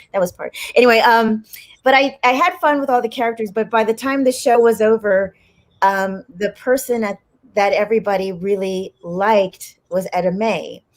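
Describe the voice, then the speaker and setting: A woman talking as a guest on a chat show, telling a long story in a rambling, animated way and laughing often. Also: mid-range voice. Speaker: guest actress and comedian. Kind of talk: casual chat.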